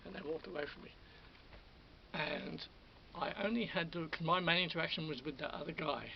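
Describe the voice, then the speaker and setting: Worked-up man, slightly high gravelly voice, telling a rambling story with lots of repeats; dull lo-fi recording. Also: moderate pace. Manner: repetitive, restarts often, quotes others. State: worked up, still on adrenaline. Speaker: vlogger. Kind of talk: rambling personal story to camera. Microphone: camera or phone mic. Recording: lo-fi audio with faint hiss.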